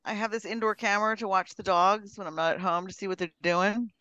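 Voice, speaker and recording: Woman chatting on a podcast, bright voice, dry close sound, acts out phone calls. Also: medium pitch, a little fast, no echo, dull audio. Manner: animated storyteller, mimics call-center agents. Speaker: guest co-host. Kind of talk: casual podcast banter.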